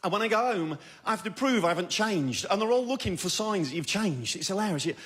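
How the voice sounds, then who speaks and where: A man's voice: sits high, expressive, fast, fairly bright tone. A man from doing a stand-up comedy set, acting out characters in put-on voices. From Yorkshire, England. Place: large theatre with a live audience.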